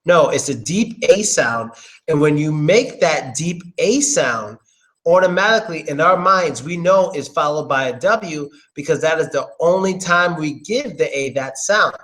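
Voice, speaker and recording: A man giving a casual, informal pronunciation lesson, slowly repeating words and swearing now and then. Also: fairly high pitch, expressive, fairly bright tone. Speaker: English pronunciation teacher. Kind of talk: casual live-stream lesson.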